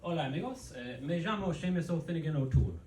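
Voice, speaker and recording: A man's voice: on the high side, expressive, quick pace, mellow, lightly acted. A man voicing a goofy male leprechaun who mixes a mock Irish brogue with Spanish phrases. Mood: silly. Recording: echoey room, distant mic, noisy.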